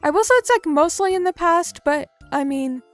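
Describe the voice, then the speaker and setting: A woman's voice: extremely high pitch, expressive, moderate pace, no echo, soft background music. A young woman streamer chatting casually, reading out chat messages and joking about herself in a playful way. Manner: playful, reads chat aloud, self-mocking.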